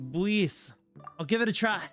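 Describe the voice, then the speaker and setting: A man's voice: high voice, a bit bright. A man streaming a game as a VTuber, chatting casually, exasperated and stumbling over words.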